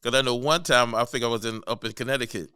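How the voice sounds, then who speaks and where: A male stand-up comedian from the Philadelphia area telling road stories in a casual podcast chat. His voice is bright and crisp, recorded dry and close. He tells stories with animation and acts out the hecklers in them. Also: mid-range voice, steady tone, fast, dry recording. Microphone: podcast studio mic.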